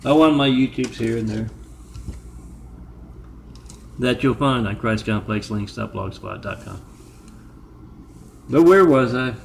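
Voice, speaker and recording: This rambling monologue comes from a video maker whose mid-range voice sounds creaky, at a moderate pace with slight background noise. He wanders from point to point, frequently stopping to spell out web addresses and numbers one letter at a time.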